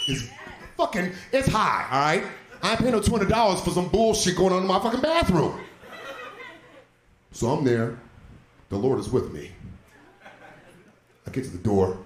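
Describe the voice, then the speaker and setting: Profane storytelling male stand-up comic. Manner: profane, storytelling, swings into loud high quoted voices. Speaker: stand-up comedian. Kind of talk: stand-up comedy set. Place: comedy club stage, live audience. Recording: roomy club echo.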